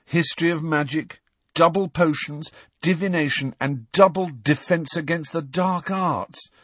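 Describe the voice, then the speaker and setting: A man's voice: fairly high pitch, measured pace, fairly bright tone, slightly rough, dry recording, clean studio sound, distant mic, voice pushed up. A man voicing Ron, a grumpy, sulky teenage schoolboy who grumbles about his lessons. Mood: grumbling. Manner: sulky, exasperated.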